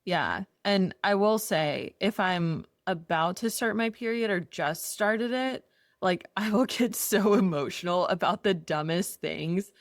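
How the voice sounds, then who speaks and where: A woman's voice: medium pitch, measured pace, no room sound, clean studio sound. A woman in her thirties co-hosting a podcast, telling candid personal stories in a casual, self-deprecating chat. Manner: candid, animated storytelling with self-deprecating humor. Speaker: podcast co-host.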